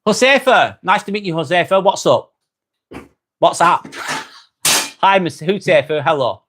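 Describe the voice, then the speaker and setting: A man's voice: high-pitched, lively intonation, unhurried, a bit bright. A young English man hosting a casual livestream, chatting and reading out viewers' comments with frequent fillers and repeated phrases. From England. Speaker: livestream host.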